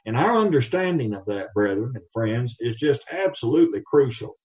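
A man's voice: mid-range voice, big pitch swings, a little mellow. Male preacher, emphatic scripture reading, distant muffled recording. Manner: emphatic, reads scripture slowly in old English. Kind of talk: sermon.

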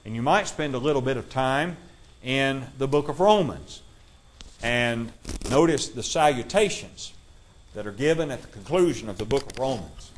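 In a Bible class, a man with an expressive, mid-range voice slowly reads passages of scripture and poses questions to the group.

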